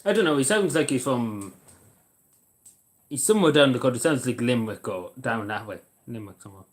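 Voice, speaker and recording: A man's voice: medium pitch, expressive, brisk. An Irish man chatting casually on a livestream, rambling and hesitant, swearing now and then.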